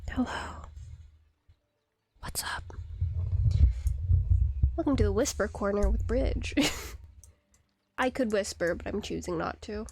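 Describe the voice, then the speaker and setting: A woman's voice: medium pitch, animated, moderate pace, creaky, a little mellow, breathy edge. A young woman streaming a game, chatting casually, rambling and giggling as she answers her chat. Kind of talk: casual live-stream chat while gaming. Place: home computer setup.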